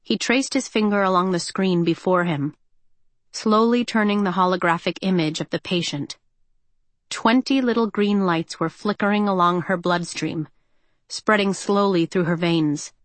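A woman narrates a novel in a measured, even manner. Her voice sits on the lower side and is recorded dry and close. The delivery is steady scripted storytelling. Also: no room sound. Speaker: audiobook narrator.

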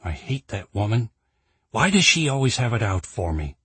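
A man's voice: lowish voice, very animated, moderate pace, pushed and bright, breathy edge, no room sound, heavily acted. A man voicing a sullen, resentful teenage schoolboy who talks in a dry, grumbling way.

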